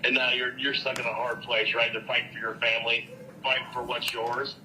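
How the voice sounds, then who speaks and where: A man's voice: medium pitch, level tone, moderate pace, background noise. A man chatting casually on a phone call, saying bro and right a lot.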